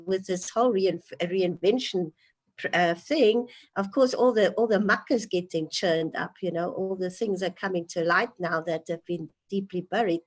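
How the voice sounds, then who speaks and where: A woman speaks as a guest on a spiritual interview show. Her voice sits at an ordinary middle pitch, and she talks in an earnest, flowing way with open enthusiasm.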